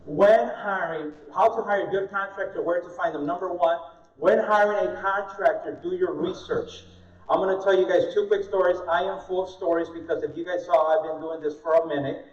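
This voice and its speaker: High-voiced man telling stories in an echoey room. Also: brisk, few pauses. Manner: animated storyteller, joking with the audience. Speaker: speaker at an investor meetup. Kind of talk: live presentation with stories. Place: meeting room with an audience. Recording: echoey room, distant dull mic.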